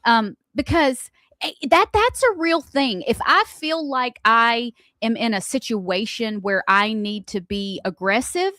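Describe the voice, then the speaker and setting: Woman, radio co-host, lively swinging pitch, fairly high voice, loud emotional talk, dry studio sound. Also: a little slow, no echo. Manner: loud, animated, talks with emotion. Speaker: radio morning show co-host. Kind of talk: casual on-air banter.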